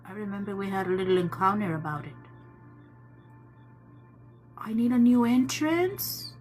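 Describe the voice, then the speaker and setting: A woman's voice: medium pitch, expressive, moderate pace, a little mellow, soft background music. A woman hosting a live tarot stream, talking casually with viewers in a chatty, teasing way and calling them "my love.".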